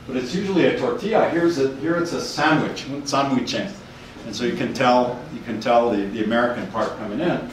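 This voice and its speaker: A man lectures about slides in a loose, halting way, restarting his sentences often. He is picked up from afar in a very echoey room, with faint room noise behind. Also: mid-range voice, recorded from a distance. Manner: rambling, hesitant, many restarts. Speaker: university professor giving a talk.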